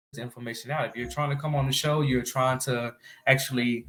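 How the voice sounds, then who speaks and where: A man's voice: mid-range voice, fairly even intonation, brisk, fairly bright tone. A young man telling his viewers about a recent experience in a loose, conversational vlog style, often adding "you know what I'm saying.". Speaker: vlogger. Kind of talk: casual storytelling to camera.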